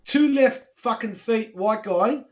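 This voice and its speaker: A man's voice: high voice, slow, dull audio. A man hosting a podcast, talking casually with crude, teasing banter. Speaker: podcast host. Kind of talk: casual chat.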